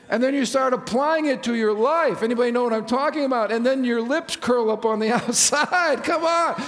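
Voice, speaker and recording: A male pastor preaching a sermon with enthusiasm, using frequent "uh" fillers and asking the congregation questions. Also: high voice. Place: large church sanctuary. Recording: long church-hall reverb.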